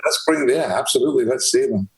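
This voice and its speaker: A man's voice: medium pitch, quick pace, poor audio. A man hosting a podcast over a video call, upbeat and chatty as he welcomes his guests. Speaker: podcast host. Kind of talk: casual video-call interview.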